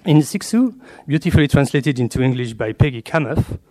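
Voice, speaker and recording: Man at a lectern reading a measured, scholarly paper on literature; middle-range voice, steady academic delivery. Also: medium pitch. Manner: measured and scholarly, slipping in Latin and French terms. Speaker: literature scholar giving a lecture. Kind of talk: academic lecture read from a paper.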